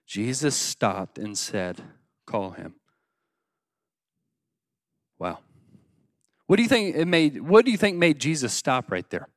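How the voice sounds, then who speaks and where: A man preaching a sermon, swinging between loud pleading cries and quiet, hushed lines as he acts out the story. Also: medium pitch, no room sound, clean studio sound. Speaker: pastor.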